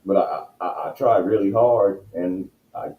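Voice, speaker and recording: A man's voice: low voice, a little slow, narrow, tinny audio. A man talking directly about his own past in a casual livestream chat, using himself as the example. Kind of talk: casual personal storytelling. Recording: echoey room.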